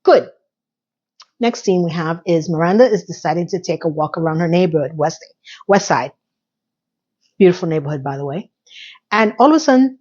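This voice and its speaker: A woman's voice: fairly low pitch, dull audio. Chatty woman recapping a TV episode. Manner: animated, chatty storyteller with emphatic asides. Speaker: TV recap vlogger.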